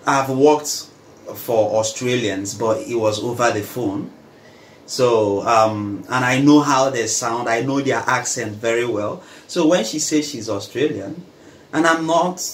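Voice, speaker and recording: A man hosting a casual conversation, speaking emphatically and turning to address the viewers. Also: medium pitch. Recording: roomy echo, faint noise.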